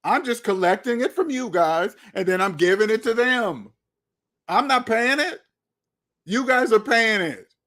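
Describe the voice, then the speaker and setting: A man's voice: sits high, animated, unhurried, sharp tone. A man giving blunt, lecturing commentary on money and debt, often repeating himself. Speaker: finance commentator. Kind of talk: opinionated video commentary.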